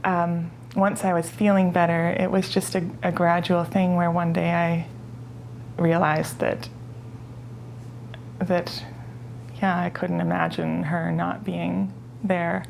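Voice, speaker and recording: A woman's voice: lowish voice, level tone, takes it slowly, vocal fry, long pauses, a little mellow, a little hiss or hum, low-quality recording. A mother speaking in a subdued, reflective way in an interview.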